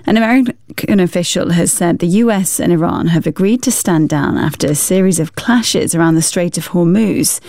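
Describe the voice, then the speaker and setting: Dark, gravelly woman newsreader. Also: on the low side, dry recording. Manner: measured, formal read. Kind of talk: scripted news bulletin.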